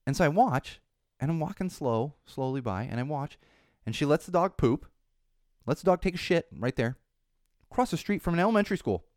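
A man's voice: on the high side, expressive, a little fast, darkish tone, no room sound, studio quality. A man hosting a podcast, rambling through a casual monologue that turns into an indignant rant. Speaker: podcast host. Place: Los Angeles.

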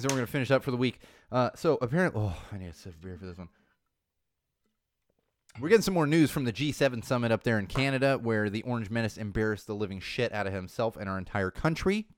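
A man's voice: mid-range voice, animated, fast. Profane, fired-up man hosting a podcast. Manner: profane, indignant, rising to loud outbursts. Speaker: podcast host. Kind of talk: solo podcast rant. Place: small studio.

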